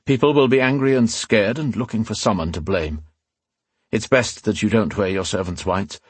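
A man voicing a powerful, weary old male ruler who speaks in a grave, measured way and sometimes growls. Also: lowish voice, husky, no echo.

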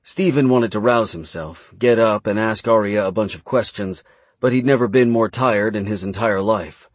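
A man narrating a fantasy novel as an audiobook, reading in a measured, dramatic way. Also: on the low side, no echo.

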